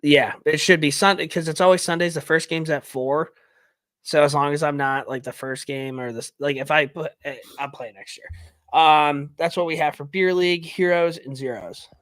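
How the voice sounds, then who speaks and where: A man's voice: a little high, fairly even intonation, normal speed, fairly bright tone, dry recording, clean studio sound. A young man co-hosting a hockey podcast in casual banter, swearing often and calling his co-host "dude". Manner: swears a lot, says "dude".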